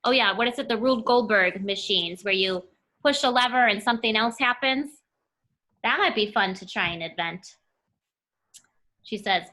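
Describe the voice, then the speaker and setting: A woman's voice: mid-range voice, normal speed, bright, forceful tone. A young woman teacher reading a picture book aloud to her class, with playful, chatty asides to the children. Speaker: elementary school teacher.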